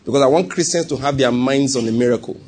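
A man's voice: mid-range voice, fast talker, a little mellow, breathy edge. A man with a Nigerian accent preaching a sermon and telling a personal story, often checking whether the congregation follows him. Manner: conversational, asks the congregation if they follow.

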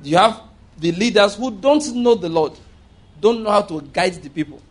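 High-pitched preacher man reading scripture. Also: animated, normal speed. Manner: reads scripture aloud with emphatic stresses, occasional restarts. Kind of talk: sermon.

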